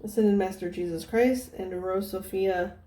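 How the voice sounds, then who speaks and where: Soft-spoken woman giving a rambling tarot reading. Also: medium pitch, fairly even intonation, measured pace. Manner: meandering, thinking aloud with many fillers. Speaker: tarot reader.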